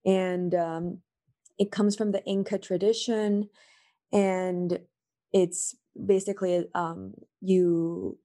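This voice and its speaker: A woman's voice: on the low side, level tone, slow, dark tone. A woman talking in a casual conversation over a call, emotional and rambling with many fillers. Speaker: podcast guest.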